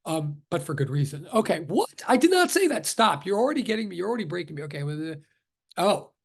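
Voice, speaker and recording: A man's voice: a little high, expressive, fast talker, creaky, husky. A middle-aged man from Brooklyn teaching physics over a video call, rambling, joking and interrupting himself as he reads the chat. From Brooklyn, New York. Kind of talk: casual class introduction on a video call.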